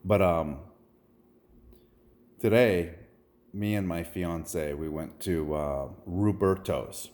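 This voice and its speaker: A man's voice: sits low, takes it slowly, pauses often, a little mellow. A man in his forties telling a rambling, earnest personal story that turns preachy when he quotes scripture. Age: 40s. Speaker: vlogger.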